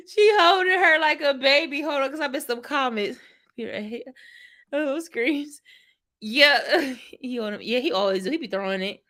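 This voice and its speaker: A young woman vlogger telling a story casually to her live chat, lively and laughing as she acts out what she said. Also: on the high side. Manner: animated, laughing, dramatic retelling with quoted exclamations.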